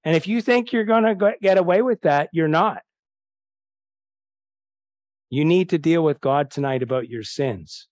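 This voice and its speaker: A man's voice: on the high side, a little slow, pauses often, darkish tone, dry recording. A man preaching an evangelistic sermon, reading Bible verses aloud and pressing his listeners with indignant rhetorical questions.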